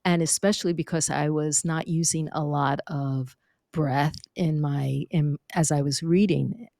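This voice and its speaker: A middle-aged woman, a vocal coach, telling stories in an interview, animated and acting out what others said. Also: low voice, measured pace, no echo, clean studio sound. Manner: animated, acts out quotes, demonstrates vocal fry. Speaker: speaking and vocal coach, guest. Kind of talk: conversational interview storytelling. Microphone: close microphone.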